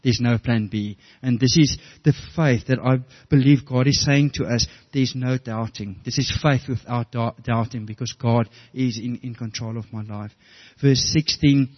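A man's voice: mid-range voice, highs cut off. A middle-aged man preaching a sermon, earnest and storytelling, often restarting his words. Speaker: pastor.

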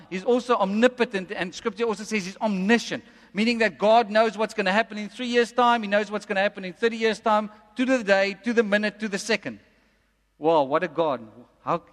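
High-voiced pastor preaching. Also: male voice, a bit bright. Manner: emphatic, repeats lines slowly for effect. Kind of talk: sermon. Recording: long reverb of a large hall.

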